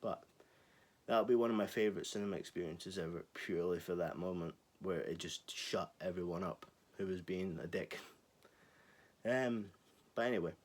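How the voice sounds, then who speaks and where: A young man in his twenties with a lowish voice rants to camera in a casual, exasperated monologue. He is sarcastic and swears freely. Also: a little mellow, husky. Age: 20s. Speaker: channel host.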